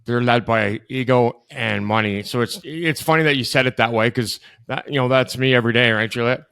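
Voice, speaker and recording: A man's voice: mid-range voice, brisk, vocal fry, fairly bright tone, clear, resonant tone, dry recording, clean studio sound. A man who works as a hockey director, talking casually in a rambling way, filling his speech with "you know". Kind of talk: casual conversation.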